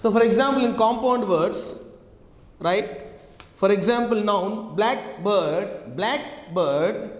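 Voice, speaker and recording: Slow-talking male teacher in echoey room. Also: sits high. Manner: slow, repetitive, drills words aloud. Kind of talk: classroom lecture on word stress. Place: classroom. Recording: echoey classroom with long reverb.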